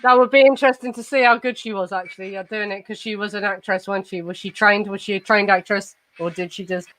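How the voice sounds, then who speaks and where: A woman's voice: mid-range voice, fairly even intonation, fast, fairly bright tone, no echo, poor audio. A woman from England with an Estuary English accent, chatting casually as a podcast host, swearing freely and poking fun at herself. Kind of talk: casual chat.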